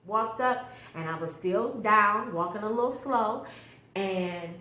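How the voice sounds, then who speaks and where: A woman's voice: medium pitch, slow, bright, forceful tone. A middle-aged mother giving an earnest, emotional personal testimony, often quoting the voices she heard. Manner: emotional, earnest storytelling with quoted inner voices. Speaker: mother telling a personal story. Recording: roomy echo with faint background hum.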